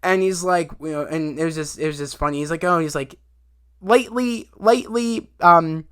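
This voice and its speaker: A man casually recapping a TV episode in a rambling, excited way, full of fillers and quick asides. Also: a little high, clear, resonant tone. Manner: rambling, animated retelling with many fillers and acted quotes. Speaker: video reviewer.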